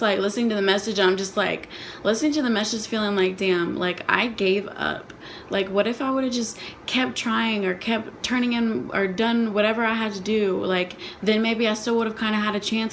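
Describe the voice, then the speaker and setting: Young woman vlogging on her phone, says like a lot, rambly emotional storytelling, average pitch. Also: fairly bright tone, slight background noise. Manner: rambling, emotional, heavy use of "like". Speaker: vlogger, nursing student. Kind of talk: casual storytelling vlog.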